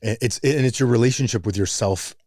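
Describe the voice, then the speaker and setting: A man's voice: mid-range voice, fairly quick, a little mellow, no echo, studio quality. A man hosting a recovery podcast, musing thoughtfully and checking in with "right?" as he talks. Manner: thoughtful, rambling, peppered with "right?". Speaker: podcast host. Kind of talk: conversational interview.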